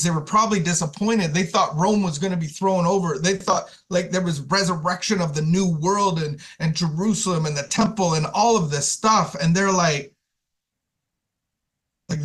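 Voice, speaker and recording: A man with a somewhat high voice shares an informal spiritual talk with a recovery community. He speaks conversationally, often repeating words and restarting his sentences. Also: fairly even intonation, moderate pace, fairly bright tone.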